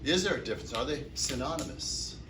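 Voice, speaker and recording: A man's voice: medium pitch, expressive, brisk, noisy background. A man teaching chemistry to a classroom, asking the class questions and answering them himself. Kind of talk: classroom lecture. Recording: echoey classroom from far off.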